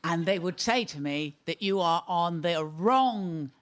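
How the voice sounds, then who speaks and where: A woman speaking as a panellist on a radio comedy show, in a dry, deadpan manner. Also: fairly low pitch, measured pace, very noisy.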